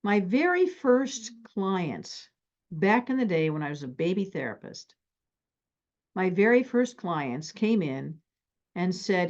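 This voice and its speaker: A middle-aged woman therapist teaching relationship skills and acting out stories from her life in an animated, extroverted way. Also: fairly low pitch, takes it slowly, dull audio. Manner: animated, extroverted, acts out anecdotes.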